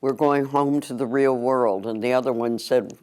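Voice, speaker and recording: An older man slowly recalling memories of his family in an unhurried, reflective way. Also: mid-range voice, fairly even intonation, darkish tone, clear, resonant tone. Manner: slow, unhurried recollection. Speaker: interviewee. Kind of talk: reflective storytelling.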